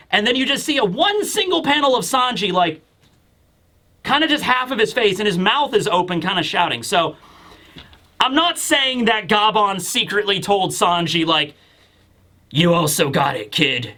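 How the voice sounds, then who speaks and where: A man talking casually as a manga reviewer, excitable, acting out the characters' quotes. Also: high voice. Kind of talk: casual chat.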